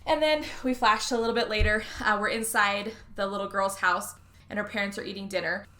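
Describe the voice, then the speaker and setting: Bright-voiced woman recapping a movie. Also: medium pitch, fairly quick. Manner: animated, swearing, acts out quotes. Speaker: podcast host. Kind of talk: casual movie recap chat.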